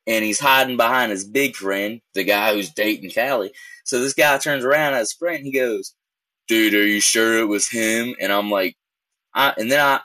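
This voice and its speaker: Animated young man telling a story. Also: mid-range voice, dry recording. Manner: rambling, animated, acts out quoted exchanges. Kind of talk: casual anecdote.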